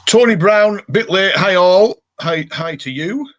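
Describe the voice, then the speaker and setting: A middle-aged man with a high, unhurried voice hosts a casual live stream from home. He rants animatedly and reads viewer comments aloud.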